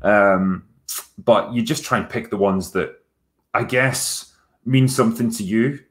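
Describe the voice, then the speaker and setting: A Scottish man hosting a casual livestream Q&A as a film critic, relaxed and rambling with frequent ums and casual swearing. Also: on the low side, measured pace. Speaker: YouTube film critic and host.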